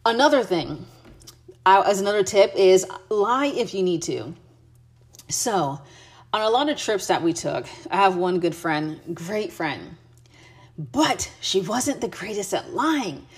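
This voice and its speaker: A woman's voice: mid-range voice, animated, unhurried. An American woman giving travel tips in a casual, chatty way, with many fillers and restarts. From United States. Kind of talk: casual advice chat.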